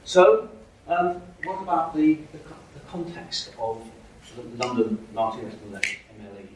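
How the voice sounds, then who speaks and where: Man lecturer, mid-pitched, pausing and restarting, faint room hum behind. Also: sing-song. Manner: hesitant, many fillers and restarts. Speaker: university lecturer. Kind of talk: academic lecture. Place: lecture hall. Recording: echoey hall from far off.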